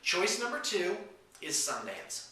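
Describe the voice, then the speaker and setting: A man's voice: sits high, sing-song, slow, bright, forceful tone, slight background noise. A man hosting a casual morning show, chatting with playful, theatrical outbursts. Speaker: host. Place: room with whiteboard, indoors. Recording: echoey room from far off.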